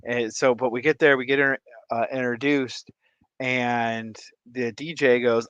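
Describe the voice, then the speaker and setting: A man's voice: medium pitch, steady tone, normal speed, fairly bright tone, clean tone, dry recording, lo-fi sound. A man vlogging who tells a rambling, casual story and laughs often mid-sentence. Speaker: fish-keeping vlogger.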